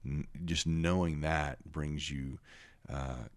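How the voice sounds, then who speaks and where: A man in his forties co-hosting a podcast, talking casually and hesitantly with frequent pauses and fillers. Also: extremely low pitch, fairly even intonation, no echo. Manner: hesitant, uses "uh" a lot. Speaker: podcast co-host. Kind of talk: casual chat.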